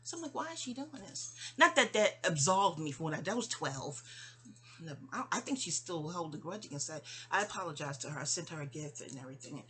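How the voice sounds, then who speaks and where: Speaking quickly with lively intonation in a low-pitched voice, a woman vlogger from New York addresses her mother in a wandering, personal monologue. It's full of restarts and tangents, and she frequently goes quiet.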